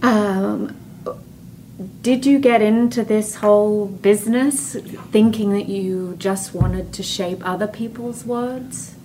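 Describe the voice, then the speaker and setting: A woman's voice: mid-range voice, fairly even intonation, slow pace, warm tone, slight background noise, low-quality recording. Effusive female podcast host. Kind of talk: casual interview.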